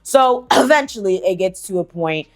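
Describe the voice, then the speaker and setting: A woman's voice: mid-range voice, expressive, normal speed. A woman telling a story in a casual, slangy, chatty way, swearing freely. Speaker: storyteller host.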